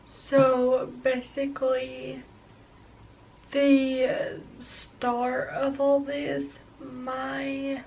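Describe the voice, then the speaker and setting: A young woman in her early twenties speaks in a high, slow, halting way, often pausing and restarting as she opens up on camera. Her pitch stays fairly level. She sits a little back from the mic, with a faint hiss of background noise. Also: completely flat delivery, creaky, a little mellow, recorded from a distance, poor audio. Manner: halting, hesitant, emotional. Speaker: vlogger. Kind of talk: personal confessional vlog.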